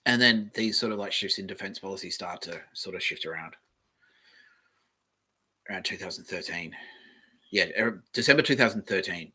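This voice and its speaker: A man's voice: deep voice, normal speed, pauses often, sharp tone, breathy edge. An Australian man hosting a solo podcast, reading aloud in a meandering, offhand way and swearing casually. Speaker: podcast host.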